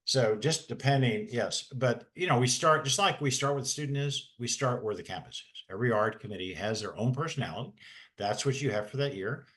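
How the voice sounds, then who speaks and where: A man's voice: mid-range voice, animated, a little fast, a bit bright. Folksy rambling man. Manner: rambling, folksy, many restarts. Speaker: special education advocate. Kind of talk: casual webinar talk.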